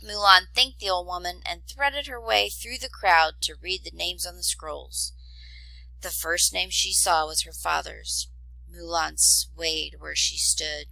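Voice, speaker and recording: A woman narrating a storybook tale in an expressive read-aloud style. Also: fairly low pitch, a little slow, gravelly, no echo, rough recording.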